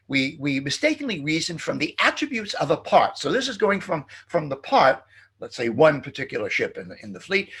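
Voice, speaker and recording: A middle-aged man giving a philosophy lecture, animated and full of fillers and restarts. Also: on the high side, breathy edge. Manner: acts out quoted jokes in a playful sing-song. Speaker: philosophy professor. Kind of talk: recorded lecture.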